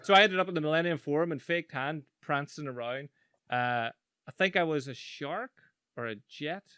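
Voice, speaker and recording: A man's voice: on the high side, moderate pace, bright, forceful tone, smooth, no echo, studio quality. A Northern Irish man as a podcast guest, playful and self-mocking as he tells an anecdote. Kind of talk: casual chat.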